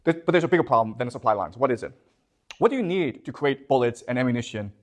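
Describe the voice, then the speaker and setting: Expressive and quick, this man's mid-range voice drives a classroom lecture. He keeps posing questions to students and checking their understanding with "okay? you understand?"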